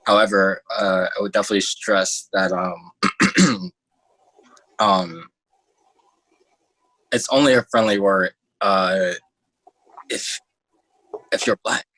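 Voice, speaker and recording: A man explaining in a relaxed, easygoing chat. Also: low-pitched, takes it slowly, pauses often, dry recording, low-quality recording. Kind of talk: casual chat.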